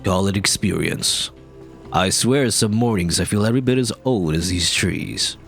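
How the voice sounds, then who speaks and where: A man voicing a weary, cryptic old male janitor in a video game, speaking slowly and quietly. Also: faint music behind. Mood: calm. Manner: slow, low and quiet.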